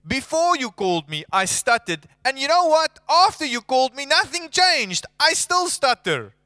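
A preacher acting out a timid pleading prophet. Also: male voice, sing-song, normal speed, pushed and bright, dry recording, full character voice. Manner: pleading, pitched up. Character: fearful stammering male prophet pleading.

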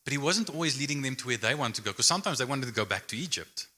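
A man's voice: mid-range voice, animated, racing, sharp tone. A man preaching a sermon in a conversational, emphatic way with light humor.

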